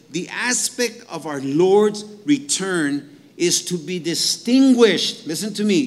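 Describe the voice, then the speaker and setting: A man preaching a sermon as pastor, animated and direct, reading scripture slowly and checking in with the congregation. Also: a little high, in a large hall. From Mexican heritage. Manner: animated preaching, reads scripture slowly, asks "right?" to the crowd.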